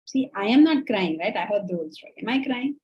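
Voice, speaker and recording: A woman teaching a Vedanta class in a lively, conversational way, often asking her students rhetorical questions. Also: mid-range voice, fast talker, breathy edge. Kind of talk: online class lecture. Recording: muffled lo-fi audio.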